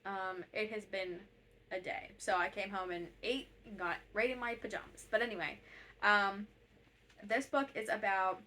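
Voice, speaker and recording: A woman's voice: mid-range voice, normal speed, bright, forceful tone. A woman chatting casually at home as a book vlogger, gushing about books with lots of fillers and restarts. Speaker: BookTube host. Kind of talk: casual book review chat.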